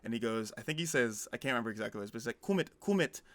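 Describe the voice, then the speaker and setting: In casual podcast chat, this young co-host spins an animated story and performs each quote himself. He speaks very fast in a lowish voice, with no echo.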